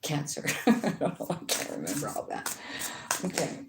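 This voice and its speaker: Woman, tarot reader, rambling chatty talk, lowish voice, echoey room, faint hiss. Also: huge pitch swings, moderate pace, gravelly. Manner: rambling, chatty, with frequent fillers and swearing. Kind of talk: casual tarot reading.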